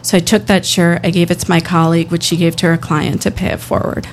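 A woman's voice: on the low side, level tone, quick pace, noisy background. Earnest woman telling a personal story. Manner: earnest, quotes others in character.

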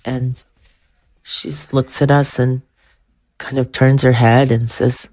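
A middle-aged woman retelling a personal story, animated and full of quoted dialogue. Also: rumbling low, takes it slowly, pauses often, no echo. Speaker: guest storyteller.

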